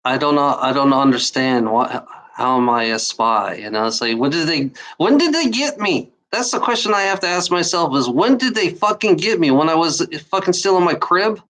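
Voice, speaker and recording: A woman from Germany giving an emotional unscripted monologue, out of breath and talking in halting, restarting bursts. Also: low voice, animated, a bit bright. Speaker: channel host.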